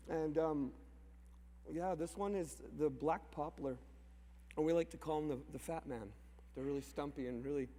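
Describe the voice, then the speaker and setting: A dark-toned voice on the high side belongs to a Canadian mushroom farmer addressing a crowd in a large hall. Emotional and unprepared, he rambles, restarts and laughs lightly, heard through long hall reverb.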